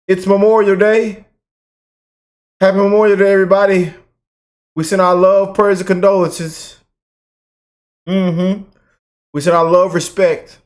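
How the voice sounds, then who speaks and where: High-voiced, animated male commentator. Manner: animated, exaggerated, swings between loud outrage and mock-pleading mutters. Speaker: reaction channel host. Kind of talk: heated political commentary.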